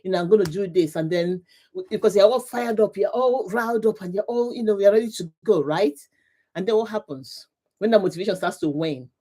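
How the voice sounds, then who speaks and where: A woman's voice: medium pitch, a little fast, mellow. A middle-aged woman hosting a live motivational talk, speaking emphatically with lots of repetition and laughing often as she greets her viewers. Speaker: livestream host, coach.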